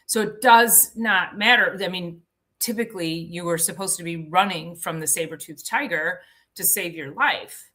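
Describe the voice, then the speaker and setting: A woman's voice: on the low side, normal speed, pushed and bright. A woman hosting a casual health talk, chatty, often restarting her sentences and laughing easily. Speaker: health show host.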